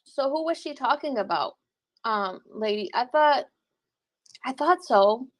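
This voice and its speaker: A woman livestreaming and reading her chat, talking bluntly with lots of cursing and quick laughs. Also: fairly high pitch, animated, no echo. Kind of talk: casual livestream commentary.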